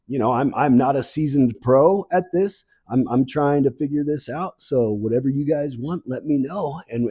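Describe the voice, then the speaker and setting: A man's voice: mid-range voice, warm tone, husky, dry recording, clean studio sound. Casual man coaching a seated workout. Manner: encouraging cues mixed with rambling asides; casual, with frequent restarts. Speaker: fitness instructor. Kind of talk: leading a seated workout class.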